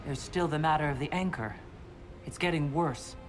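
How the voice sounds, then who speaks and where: An actor playing a resolute male leader in a video game, speaking in measured, formal tones. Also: fairly high pitch, natural voice. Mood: solemn. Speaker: Inquisitor. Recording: game audio with music.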